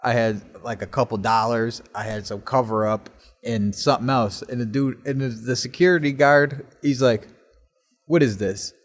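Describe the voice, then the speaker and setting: A man's voice: mid-range voice, steady tone, normal speed. A man hosting his own podcast, telling rambling stories in casual talk and swearing constantly, recorded on a laptop in a basement workshop. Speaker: podcast host. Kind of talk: casual solo storytelling. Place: basement workshop in an old house.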